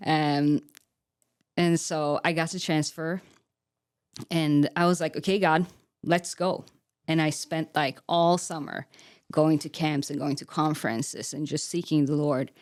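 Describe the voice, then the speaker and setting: A woman's voice: sits low, fairly even intonation, a little slow, a little mellow, smooth, dry recording, studio quality. A young woman giving an earnest, candid personal faith testimony as a podcast guest, with frequent "like" fillers. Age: young adult.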